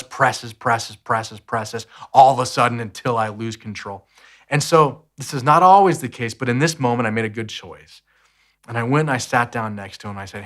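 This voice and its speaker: A man's voice: medium pitch, bright, forceful tone. A man in his thirties hosting a podcast, giving an earnest, reflective teaching talk that tells stories and repeats key phrases.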